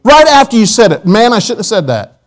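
High-voiced man preaching a folksy sermon. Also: big pitch swings, brisk, rough recording. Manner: folksy storytelling with quoted asides. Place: church auditorium.

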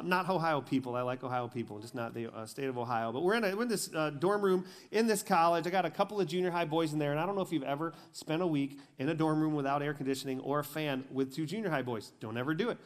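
Pastor, male, from Michigan, sermon delivery, slightly high voice, animated storyteller. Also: fast, hardly any pauses. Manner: storytelling, acts out dialogue, builds to emphatic peaks then quiet intensity.

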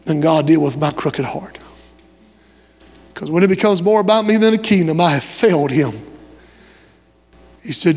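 Impassioned high-voiced preacher in a large church. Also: male voice. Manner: impassioned preaching, shifting between shouts and hushed lines. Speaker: pastor. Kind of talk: sermon. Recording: reverberant church sanctuary.

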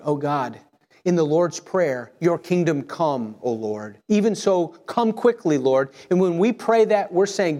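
Man, pastor, sermon, earnest, slightly high voice, softens for prayers.

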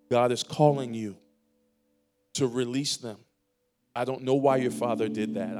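A man pastor preaching a sermon in a church, building to emphatic, louder lines and dropping to quiet, drawn-out pleas. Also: medium pitch. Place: church sanctuary.

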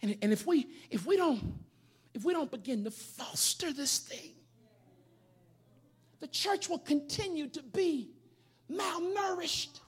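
Pastor, male, storytelling sermon, high voice, big swings, shouts for emphasis. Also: lively intonation, slow, pauses often. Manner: preaching with shouted emphasis and stories; casual, everyday speech.

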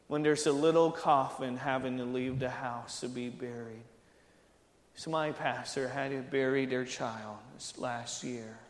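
High voiced guy preaching slow, earnest, gets loud at the peaks, roomy church echo. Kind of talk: sermon.

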